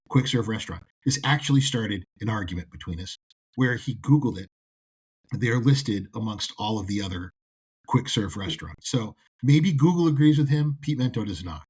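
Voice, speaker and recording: A man from the American South co-hosts a relaxed trade podcast. His voice is husky and fairly low, and he talks in a joking, playfully dramatic way. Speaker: co-host. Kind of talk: casual podcast chat.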